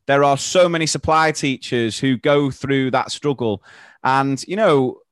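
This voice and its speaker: A man hosting a podcast, telling chatty school anecdotes and laughing easily. His pitch sits in the middle. The sound is dry and close to the mic. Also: measured pace, no room sound. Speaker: podcast host, primary school teacher. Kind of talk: casual podcast chat.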